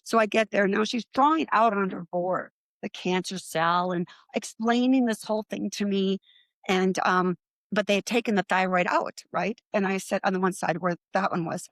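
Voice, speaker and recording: A middle-aged woman tells her story in a casual, animated way and keeps slipping into the voices of the people in it. Her pitch sits in the middle for a woman. The recording is close and dry. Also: moderate pace, no room sound. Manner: animated, acts out quoted voices with rising pitch. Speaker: guest.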